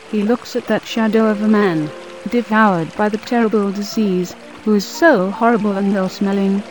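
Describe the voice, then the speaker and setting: A woman reads the narration of an audio drama in a solemn, descriptive way. Her voice sits at a middle pitch. Soft music plays beneath her. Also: rough recording. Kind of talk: scripted narration.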